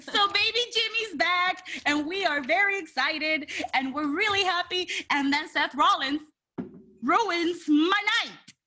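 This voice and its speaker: A woman co-hosting a casual wrestling podcast, sassy and animated, swearing freely. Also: very high voice, moderate pace, few pauses. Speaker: podcast co-host.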